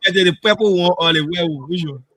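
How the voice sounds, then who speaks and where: Guy cohost firing off teasing questions, bright, fast. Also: high-pitched. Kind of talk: casual talk show banter.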